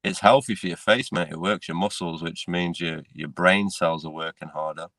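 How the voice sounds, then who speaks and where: A very low-voiced man, talking easily on a casual podcast. He keeps it relaxed and scatters "mate" and "innit" through his sentences. The recording is close and dry, with no room sound. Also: normal speed, dry recording. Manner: laid-back, peppers speech with "mate" and "innit". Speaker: podcast co-host. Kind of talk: casual chat.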